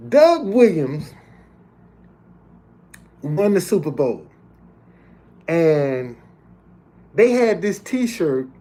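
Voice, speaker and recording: This mellow, high-sitting voice belongs to a motivational speaker aged fifty or more, sharing a story from his own life. Addressing listeners in a straightforward way, he frequently stops and repeats himself to drive his point home.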